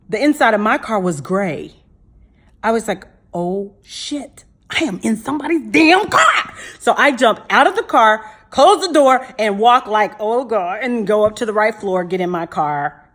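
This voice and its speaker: A woman giving a casual opinion monologue as a vlogger, emphatic, repeating her points and swearing casually. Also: mid-range voice.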